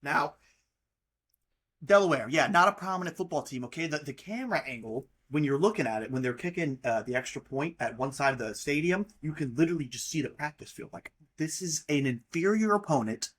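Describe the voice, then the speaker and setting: A man in his twenties hosts a laid-back podcast, his voice on the high side, expressive, fairly quick and a bit bright with a breathy edge. The young American fumes about college football, mocking teams amid heavy swearing.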